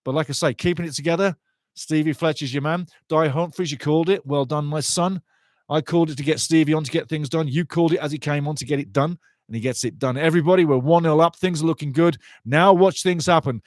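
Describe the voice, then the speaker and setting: A man giving passionate live football commentary, chatting to viewers and shouting when goals go in. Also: on the high side, fast, no room sound. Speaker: football watch-along commentator. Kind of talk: excitable live match commentary.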